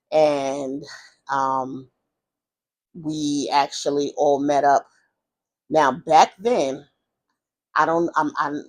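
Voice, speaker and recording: Rambling woman telling her life story. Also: low voice. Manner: rambling, with many restarts and repeated "whatever the case may be". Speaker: vlogger. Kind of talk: storytime, casual personal storytelling.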